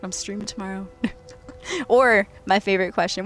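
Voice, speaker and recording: A woman's voice: medium pitch, fairly even intonation, fairly quick. A woman game streamer chatting casually to her viewers, laughing often and talking straight to them. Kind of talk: casual live-stream chat.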